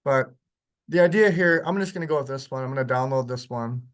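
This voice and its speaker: A male instructor talks through a live software demo. He is loose and conversational, with lots of ums and the odd chuckle. His voice sits at an ordinary middle pitch. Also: a little fast. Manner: casual, chatty, with short chuckles and frequent ums. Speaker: workshop instructor. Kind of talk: live software demonstration lecture.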